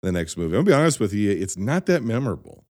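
A man's voice: on the low side, sing-song, very fast, a little mellow, no echo, clean studio sound. A man hosting a casual movie podcast, talking conversationally and leading the questions.

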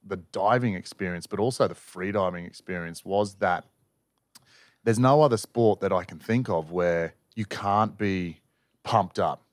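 A man hosting a podcast, talking in an animated, chatty way. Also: low voice, unhurried, no echo, clean studio sound. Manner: animated, chatty, laughs easily. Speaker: podcast host, freediving instructor. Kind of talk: casual conversation.

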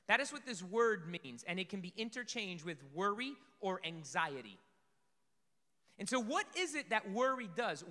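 A man preaching a sermon to a congregation, lively, swinging between loud emphasis and soft asides. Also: high-pitched. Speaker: pastor. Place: church sanctuary. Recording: reverberant hall.

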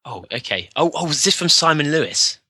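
Bright, lively English man. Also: fairly high pitch, fairly quick, husky, no echo, clean studio sound. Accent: southern English. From southern England. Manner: laughs often, jokey, puts on silly voices. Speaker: podcast co-host. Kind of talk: casual chat.

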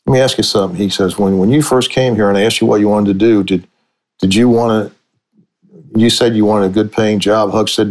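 A middle-aged man, a sportswriter and author, telling long anecdotes in a relaxed conversational way, restarting his sentences often. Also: on the low side, a little fast, poor audio. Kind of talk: conversational storytelling.

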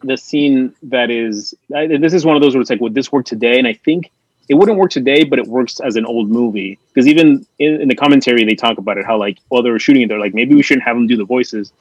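A man's voice: medium pitch, quick pace, darkish tone, breathy edge, dry recording, muffled recording. A man co-hosting a podcast, chatting casually about an old movie, rambling with lots of "like" fillers. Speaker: podcast co-host.

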